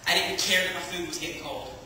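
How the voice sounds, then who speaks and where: A man with a high, sharp voice talks quickly with little pitch movement, recorded from a distance in an echoey hall with slight background noise. Addressing a church congregation, he shares his personal testimony in a chatty way, leaning on lots of fillers.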